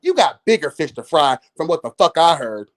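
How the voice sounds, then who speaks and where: A man in his late thirties hosts a live review of a reality show. He rants in a sassy, profane, exasperated way. His pitch swoops up and down all the time. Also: sing-song, normal speed. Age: 30s. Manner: addresses listeners as girl and y'all.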